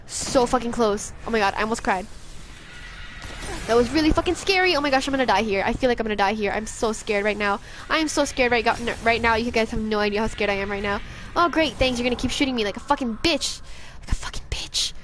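High-voiced young woman swearing through a game. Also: slight background noise. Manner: profane, jumpy, talks back to enemies. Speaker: game streamer. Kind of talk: live gameplay commentary.

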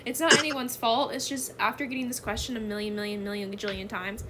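A woman's voice: on the high side, little pitch movement, fast, heavy background noise. A woman hosting a gaming channel in casual chat, calling her viewers y'all and bestie. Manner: chatty, keeps addressing viewers as y'all and bestie.

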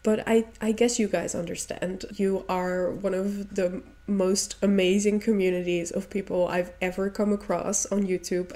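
A woman hosting a reaction video, talking in a soft, earnest and emotional way. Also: mid-range voice. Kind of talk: casual reaction commentary.

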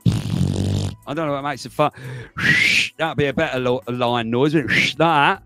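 A man's voice: fairly high pitch, wildly swooping pitch, a little slow, gravelly, pauses often, fairly bright tone, no room sound, soft background music. A man hosting a livestream, chatting casually to viewers, rambling and laughing as he goes. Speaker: livestream host.

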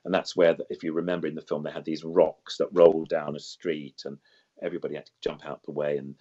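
Older male guest, deep voice, enthusiastic rambling storyteller, muffled lo-fi audio. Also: little pitch movement, fast talker, dark tone. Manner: enthusiastic, heaps on superlatives; digressive, loses then regains the thread. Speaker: guest puppeteer. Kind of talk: reminiscing interview chat. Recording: dull lo-fi sound.

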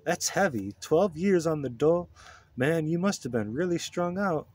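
A man voicing a crude, burned-out male drifter who is laid-back and profane, with a higher, loose drawl. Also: animated, normal speed, a little mellow, breathy edge. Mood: scornful.

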